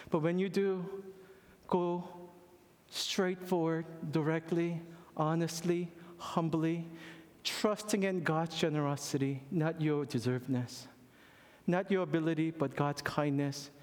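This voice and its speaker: Male pastor, high-pitched, preaching with playful acted-out examples and soft prayerful drops; reverberant hall. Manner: folksy illustrations, frequent "Amen?" to the congregation; acts out comic dialogue, then drops low and soft for prayerful lines. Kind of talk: sermon.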